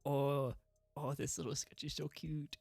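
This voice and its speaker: A woman streaming a game, talking casually and gushing excitedly, with squeals and swearing. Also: sits low, unhurried, gravelly, slightly rough, dry recording, faint music behind.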